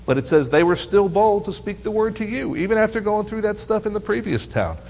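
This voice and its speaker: A man's voice: high voice, a little fast, vocal fry, a little hiss or hum. Man preaching in a reverberant hall. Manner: asks the audience questions, teasing and lively. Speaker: preacher teaching teens. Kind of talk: Bible teaching sermon.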